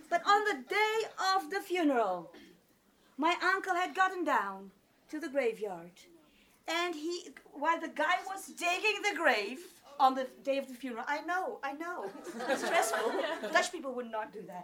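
A woman telling a personal story to an audience in an animated, laughing way, with many fillers and restarts. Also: high voice, moderate pace. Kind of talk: live comic storytelling.

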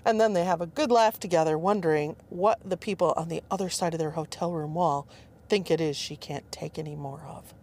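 A woman's voice: low voice, fairly quick, darkish tone. Playful fifty-something woman podcaster. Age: 50s. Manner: playful, chatty, self-mocking. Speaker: podcast host. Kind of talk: casual podcast storytelling.

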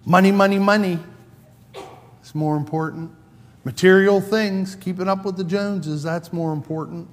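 A man's voice: fairly high pitch, in a large hall. A man preaching a sermon in a conversational way, acting out quoted lines with a raised voice. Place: church sanctuary.

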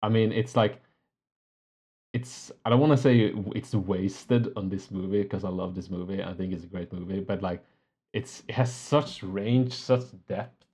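Man, podcast co-host, lowish voice, enthusiastic, lots of uh and like. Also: a little slow, mellow, slightly rough. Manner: enthusiastic, laughs often, hesitant fillers. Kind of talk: casual film discussion.

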